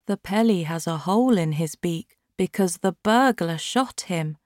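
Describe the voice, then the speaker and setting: A woman voicing a sad little male monkey in a storybook reading, speaking slowly in a sorrowful, slightly raised voice. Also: fairly low pitch, animated, darkish tone, no room sound, clean studio sound.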